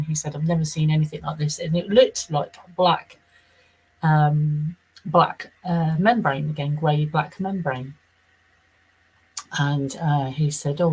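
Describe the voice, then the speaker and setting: A woman's voice: deep voice, darkish tone, husky, poor audio. A middle-aged woman from southern England with an English accent, telling a personal story in an interview, rambling and acting out the quoted speech. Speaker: interview guest.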